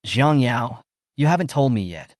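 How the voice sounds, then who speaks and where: A man's voice: mid-range voice, animated, moderate pace, darkish tone, no echo, studio quality, close to an everyday voice. A man reading the lines of a lazy, proud young man who is hurt and protective, in a comic recap. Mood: aggrieved.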